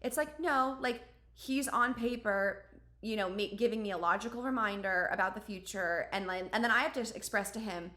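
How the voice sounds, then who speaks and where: A woman's voice: medium pitch, normal speed, sharp tone. Woman podcast host, casual and chatty, lots of fillers, echoey room. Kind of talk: casual conversational storytelling.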